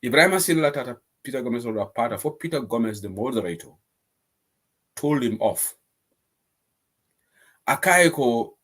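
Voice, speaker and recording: A Gambian-accented man hosts a live online current affairs show. He reads out viewer comments and argues each point with lively, swooping intonation. His voice sits at an ordinary middle pitch for a man. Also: normal speed, pauses often. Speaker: host.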